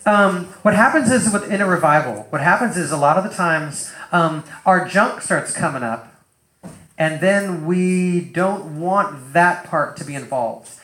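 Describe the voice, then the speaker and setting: Brief: high-voiced male preacher, casual chatty sermon, roomy hall sound. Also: unhurried. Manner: loose, animated, full of fillers and acted-out asides. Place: church hall with a live audience.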